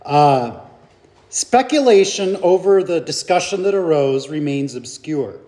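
Brief: slow, thoughtful man with a high voice leading a group Bible study. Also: animated, mellow. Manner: slow, reflective, thinking aloud with fillers and rhetorical questions.

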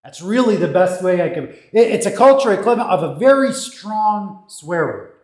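A man preaching a sermon as pastor, emphatic, with dramatic pauses and quoted lines acted out. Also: high voice, animated, a little mellow.

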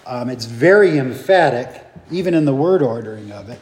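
A man leading a Bible study, reading scripture aloud and explaining it in a deliberate way with restarts and fillers. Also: medium pitch, expressive, darkish tone. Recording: long reverb from a hall.

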